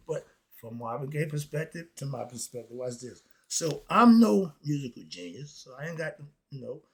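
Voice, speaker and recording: A man's voice: on the high side, creaky, breathy edge. A middle-aged man delivering an emphatic, preachy spoken rant as the host, often asking "okay?". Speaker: commentary host.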